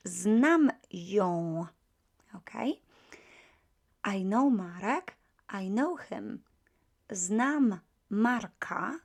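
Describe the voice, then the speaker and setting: A woman teacher at an unhurried pace, walking learners through drills with careful repetition. Her voice sits at an ordinary middle pitch, and each practice phrase is stressed and said twice. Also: a little mellow. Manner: slow, patient, repeats drill phrases with emphasis. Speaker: language teacher. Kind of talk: grammar lesson with spoken drills.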